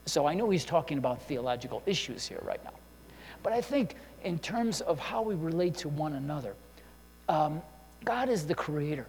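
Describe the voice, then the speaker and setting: A man's voice: on the high side, lively intonation, moderate pace, darkish tone. A man preaching a sermon in a conversational way, often checking in with listeners and restarting his sentences. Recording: long hall reverb with faint hum.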